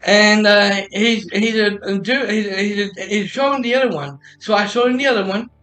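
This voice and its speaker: High, bright-voiced man rambling through a story. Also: soft background music, low-quality recording. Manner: halting, repeats and restarts phrases, quotes others in dialogue. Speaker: podcast host telling a story. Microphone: streaming mic.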